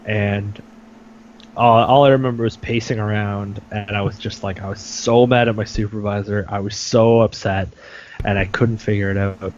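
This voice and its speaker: Low-voiced man rambling through a story. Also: steady tone, moderate pace, a little mellow. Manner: rambling storyteller, many fillers and swearing. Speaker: podcast co-host. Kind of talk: casual chat. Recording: dull lo-fi sound with faint noise.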